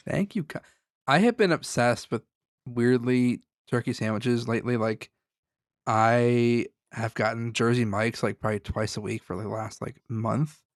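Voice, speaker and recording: A man chatting as a podcast co-host, loose and joking, with casual swearing. His voice sits at an ordinary middle pitch. It is recorded close and dry with no room sound. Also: a little slow, no room sound. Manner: casual, swears freely, jokey asides.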